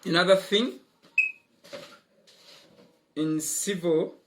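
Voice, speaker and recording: A man's voice: high voice, steady tone, very slow, a bit bright, a little hiss or hum. A man explains legal ideas in an online lesson. He is emphatic, repeating key words and filling gaps with "uh-huh" and "mm-hmm." He sounds young. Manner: emphatic, drilling points home. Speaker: law teacher.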